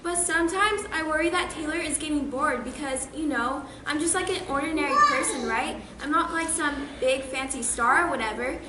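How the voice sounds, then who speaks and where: A woman's voice: high voice, expressive, normal speed, hardly any pauses. Teen actress as a giddy, unhinged girl. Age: teens. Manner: bubbly, breathless storytelling with sudden bursts. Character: giddy, unhinged teenage girl with imaginary friend. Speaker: student actor. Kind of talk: stage monologue. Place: school theater stage. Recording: echoey stage with background noise.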